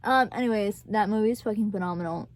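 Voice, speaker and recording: A woman's voice: medium pitch, fast talker, no room sound. Brief: young woman vlogger, dry close sound, gushy and foul-mouthed, laughs a lot. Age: 20s. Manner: gushing and profane, laughs often. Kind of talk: casual chat.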